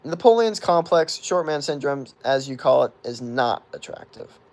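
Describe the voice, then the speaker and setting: Young guy in his 20s, gravelly, easygoing streamer who rambles through chat questions, filler-heavy and profane. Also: mid-range voice, steady tone, moderate pace. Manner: rambling, filler-heavy with constant "like", swears freely. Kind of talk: casual livestream chat.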